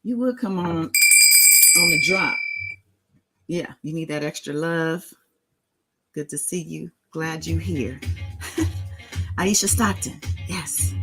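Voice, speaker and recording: A woman's voice: fairly low pitch, animated, slow, long pauses, over loud music, poor audio. A woman hosting a casual live stream in a sing-songy voice, greeting her chat members by name. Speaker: livestream host.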